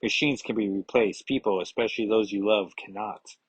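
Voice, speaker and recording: Guy doing calm old mentor voice, soft husky and fatherly, dry sound. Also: on the low side, no room sound, low-quality recording. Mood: reassuring. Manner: measured, gentle, reassuring. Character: elderly male telepath mentor, calm, fatherly.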